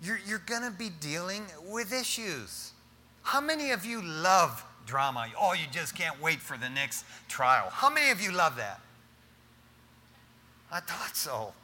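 Bright, lively middle-aged pastor preaching. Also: male voice, high-pitched, unhurried, in a large hall. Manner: animated, conversational, often says "man". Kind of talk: sermon.

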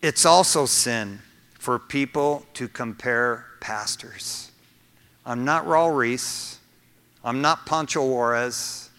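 Man, pastor, middle-aged, earnest conversational sermon, forceful voice, long hall reverb. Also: mid-range voice, takes it slowly. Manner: earnest, conversational preaching with personal asides.

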